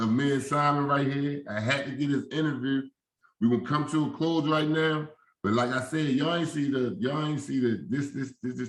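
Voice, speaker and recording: A man's voice: mid-range voice, a bit bright. A male host with a mid-range voice speaks emphatically. He repeats his phrases and talks straight to his audience. His voice echoes around the room. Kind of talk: casual interview.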